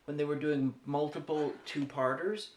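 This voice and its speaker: A man's voice: fairly high pitch, steady tone, moderate pace. A man co-hosting a podcast who talks in rambling, hesitant critique, often restarting his sentences. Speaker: podcast co-host. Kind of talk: casual chat. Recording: echoey room.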